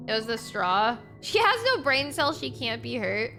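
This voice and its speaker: A young woman streaming a game and chatting casually, often cooing softly to her cat. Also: a little high, sing-song, moderate pace. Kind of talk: casual chat while gaming. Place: home streaming setup. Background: game music.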